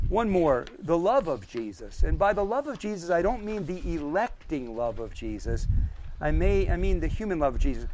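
A man's voice: high-pitched, very animated, moderate pace, background noise. A man preaching a sermon with emphasis, listing his points one by one and asking the audience questions.

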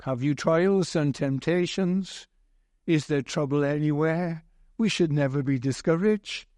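A man preaching a sermon slowly and deliberately, telling a gentle humorous story along the way. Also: fairly high pitch, dry recording, studio quality.

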